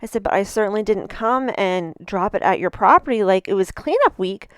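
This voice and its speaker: A middle-aged woman hosting a podcast, telling a personal story in a chatty, animated way full of asides. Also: medium pitch, fairly quick, clean tone, no echo, studio quality. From Canada. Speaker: podcast host. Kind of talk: casual storytelling monologue.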